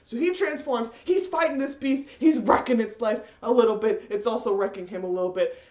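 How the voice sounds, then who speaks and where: A woman ranting in a rambling, animated way, full of fillers, in a roomy, slightly dull recording. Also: a little high, brisk. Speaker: vlogger. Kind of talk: ranting commentary.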